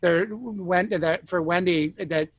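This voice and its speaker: A man's voice: high voice, slow pace, dry recording. A man, a TV writer and showrunner, talking casually and thoughtfully in an interview, wandering through his answers. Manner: thoughtful, meandering, full of hedges.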